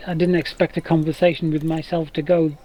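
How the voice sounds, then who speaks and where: A man with a rough, damaged voice and a fairly high pitch chats casually as a streamer while gaming. He rambles through long stories, restarting sentences as he goes. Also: flat delivery, brisk, dark tone, rough recording. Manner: rambling, chatty storyteller with many restarts.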